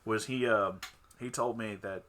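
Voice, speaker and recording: A man hosting a casual podcast chat, telling an animated story, acting out the other people's lines and often breaking into laughter. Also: lowish voice, measured pace. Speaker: podcast host.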